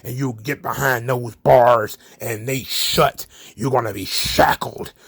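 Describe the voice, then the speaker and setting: A man's voice: mid-range voice, fairly even intonation, slow, creaky, fairly bright tone, slightly rough, dry recording, clean studio sound, full character voice. A man mocking a pompous pun-spouting wrestler. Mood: mock-solemn. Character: pompous male wrestler talking in prison puns.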